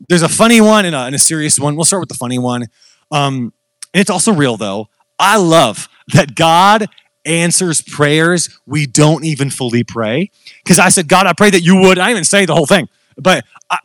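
A man in his thirties preaches with an animated, self-deprecating storytelling style. His voice sits a little higher than most men's and leaps even higher when he gets excited. The sound is dry and close. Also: dry recording. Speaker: guest preacher. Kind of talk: sermon storytelling.

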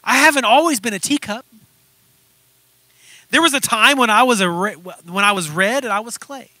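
A man's voice: extremely high pitch, normal speed, bright, forceful tone, dry recording. A man voicing a suffering male teacup that recalls being shaped and fired, telling it in a pleading, dramatic way. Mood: anguished.

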